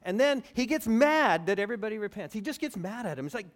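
High-voiced pastor guy, lively sermon, gets loud acting out people. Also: quick pace, few pauses. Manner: animated, acts out quotes, rises to near shouting.

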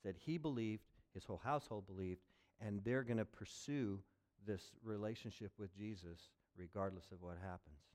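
A man preaching a sermon, animated, acting out pleading lines in a raised voice. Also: fairly low pitch, moderate pace. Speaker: pastor.

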